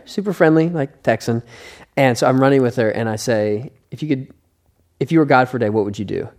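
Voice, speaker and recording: A man's voice: mid-range voice, fast talker, a little mellow. Author guy as podcast guest, earnest storyteller, mid voice. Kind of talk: casual interview chat.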